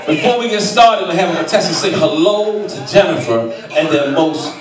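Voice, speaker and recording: A man hosting a comedy show, teasing audience volunteers with loud, profane banter from a club stage. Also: on the high side, expressive, normal speed. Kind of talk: stand-up crowd work. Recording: echoey club, mic from far, loud crowd.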